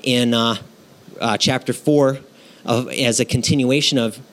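A man's voice: medium pitch, fairly even intonation, measured pace, fairly bright tone. A man preaching a sermon in a conversational way, often checking in with his listeners and acting out scenes. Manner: acts out scenes with sound effects. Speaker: pastor.

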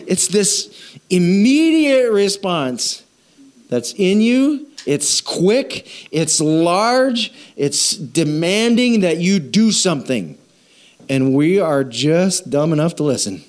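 A man preaching a sermon as pastor, animated and jokey, acting out quoted voices and asking the audience questions. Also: on the high side, a little slow.

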